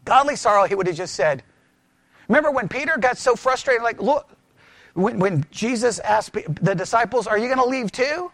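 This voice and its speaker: A man teaching scripture in a conversational sermon, animated and full of rhetorical questions. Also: high voice, moderate pace, no room sound. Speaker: pastor teaching.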